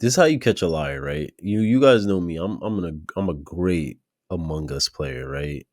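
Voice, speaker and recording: A man streaming a reaction, talking to his chat in slangy, profane, animated bursts. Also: low voice, normal speed, a little hiss or hum. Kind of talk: casual reaction commentary.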